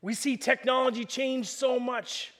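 A man preaching a sermon to a congregation in a church hall, telling lively stories and acting out the voices of the people in them. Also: very high-pitched, unhurried. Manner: animated storytelling, acts out voices. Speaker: pastor. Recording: long reverb of a large hall.

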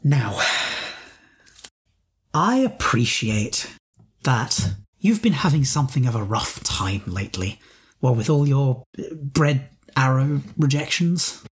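A man's voice: mid-range voice, sing-song, slow, pauses often, breathy edge, exaggerated voice. Man voicing a shapeshifting beetle trickster, persuasive salesman patter, easygoing delivery. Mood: coaxing. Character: shapeshifting beetle-person, a smooth scheming salesman.

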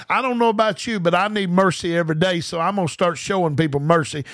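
A man's voice: high-pitched, brisk, hardly any pauses, a bit bright, no echo. A man preaching an informal podcast sermon, fervent and colloquial, repeating key phrases and asking listeners rhetorical questions. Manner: speaks straight to listeners as "guys".

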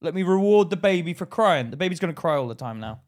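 A young man co-hosting a podcast, with a fairly high voice that swings widely in pitch. He is blunt and brash, and he acts out the stories he tells. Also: lively intonation, fast, darkish tone. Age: young adult. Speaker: podcast co-host. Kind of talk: casual chat.

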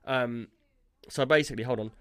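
A man's voice: mid-range voice, moderate pace, fairly bright tone, clear, resonant tone, no echo, studio quality. A man, a podcast co-host telling a rambling story in casual chat, tagging his lines with "yeah?" and "like".

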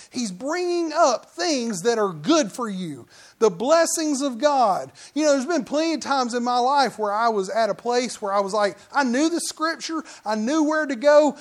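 High-voiced man preaching a conversational sermon. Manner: conversational preaching with sudden loud mock outbursts. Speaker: pastor.

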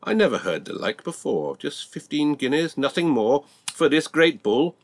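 A Scottish man voicing a loud, pushy cattle auctioneer in recited dialect verse. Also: a little high, very animated, moderate pace, pitched above the performer's own voice. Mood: selling hard. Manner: brash, wheedling sales patter.

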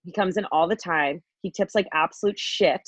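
A woman's voice: fairly low pitch, slightly rough, no echo. Heated, profane young woman ranting. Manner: heated, profane, fast rambling with many "like" fillers. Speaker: podcast co-host. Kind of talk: casual chat, venting story. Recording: dull lo-fi dry podcast audio.

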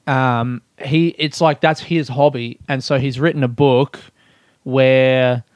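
A man's voice: medium pitch, fairly even intonation, takes it slowly, no echo. Rambling, swearing young man. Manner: rambling, swears, laughs often, self-mocking. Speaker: podcast host. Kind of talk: casual solo podcast chat.

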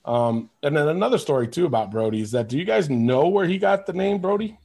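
A man hosting a podcast, telling stories in an animated, casual way, laughing often and swearing. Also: a little high, fast talker, creaky, husky. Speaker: podcast host. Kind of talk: casual chat.

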